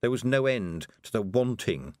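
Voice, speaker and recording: A man narrating a children's fantasy novel in an expressive, measured storytelling voice. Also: fairly low pitch, no room sound, studio quality. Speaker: audiobook narrator. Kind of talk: scripted narration.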